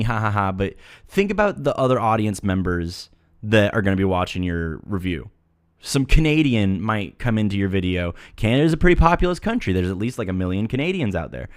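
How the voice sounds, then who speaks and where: A man's voice: on the low side, smooth, no room sound, clean studio sound. A man giving mock-serious commentary on a video, lecturing earnestly with playful asides. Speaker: video reviewer.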